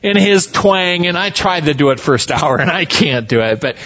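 A man's voice: a little high, expressive, normal speed, a bit bright, dull audio. A male pastor preaching a sermon in a folksy, storytelling way.

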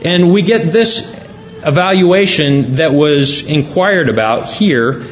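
A man's voice: a little high, dull audio, slight background noise. A man preaching a sermon, reading scripture aloud and explaining it point by point.

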